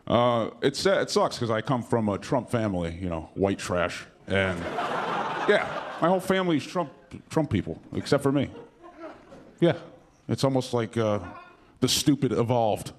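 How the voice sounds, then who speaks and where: A man's voice: mid-range voice, lively intonation, moderate pace, a crowd in the background. A young man performing a stand-up comedy set in a comedy club, rambling and profane with lots of fillers and self-mockery. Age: young adult.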